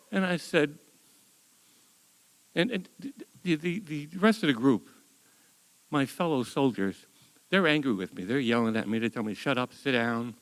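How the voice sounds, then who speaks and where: A man in his seventies from the United States telling a true story on stage at a live story slam, wry and animated, often repeating words as he goes. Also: a little high, long reverb tail, low-quality recording. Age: 70s.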